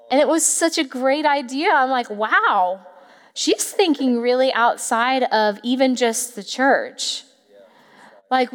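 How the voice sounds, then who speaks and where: A woman's voice: fairly high pitch, clean tone. A woman pastor giving a heartfelt, conversational sermon to her church. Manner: heartfelt, conversational, tearful at moments. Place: church sanctuary. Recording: long hall reverb.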